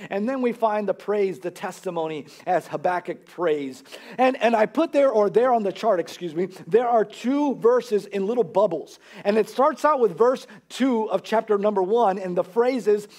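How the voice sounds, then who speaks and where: A man's voice: high-pitched, animated, normal speed, darkish tone. A man preaching a Sunday sermon as pastor, earnest and conversational, building emphasis as he goes. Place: church.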